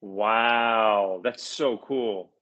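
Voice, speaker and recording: Excitable man on a dull, lo-fi line. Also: lowish voice, drawn-out words. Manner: animated, laughs often, enthusiastic. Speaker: guest. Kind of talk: casual chat.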